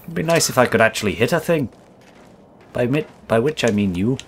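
A man's voice: mid-range voice, lively intonation, brisk, background noise, lightly acted. A man voicing a crude, taunting gamer persona in a put-on accent he admits is not his own, trash-talking through gameplay commentary. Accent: put-on accent he says is not his own. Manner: foul-mouthed, brash trash talk. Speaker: host.

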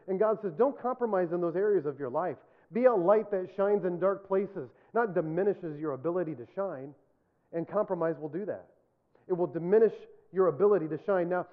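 A pastor with a high voice preaches a sermon earnestly, repeating points for emphasis and using self-deprecating humor. The sound is tinny, like a phone.

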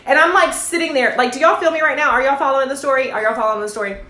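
A woman tells a rambling story to her livestream viewers, peppering it with asides. Her voice sits somewhat high, and the room around her is echoey. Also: racing. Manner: chatty, addresses viewers as y'all, animated asides. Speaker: network marketing livestream host. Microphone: phone or webcam livestream.

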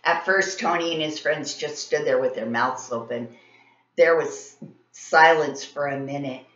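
Female teacher, expressive children's read-aloud; echoey, slightly muffled recording. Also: deep voice, measured pace. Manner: expressive, animated storytelling. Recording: roomy, slightly dull sound.

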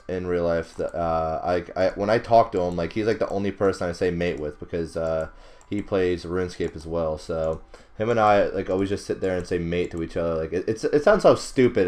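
A man's voice: low-pitched, brisk, darkish tone. A young man giving casual, rambling commentary over his own gameplay, swearing often, laughing at himself and bursting out in frustration. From not British. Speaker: gaming commentator.

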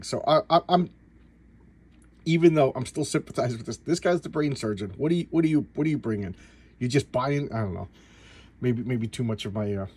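A man in his fifties from the United States talks through an old comic in a loose, rambling way. He stumbles over his words and repeats them, then slips into quick voices for the characters. His voice has a faint husk to it. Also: mid-range voice, darkish tone, breathy edge. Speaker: comic book collector reviewing back issues. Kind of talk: casual video review chat.

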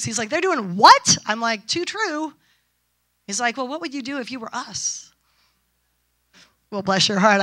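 Woman, brash storyteller, bright forceful voice, dry close sound. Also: on the high side, no echo. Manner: brash, storytelling with quoted dialogue. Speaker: speaker. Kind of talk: conference talk. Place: event stage.

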